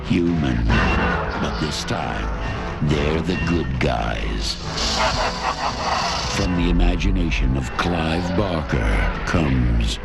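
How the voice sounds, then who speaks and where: Booming, ominous trailer announcer man. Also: expressive, gravelly. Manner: slow, ominous, portentous delivery. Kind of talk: dramatic trailer voice-over. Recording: movie trailer audio with loud score. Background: loud orchestral trailer music.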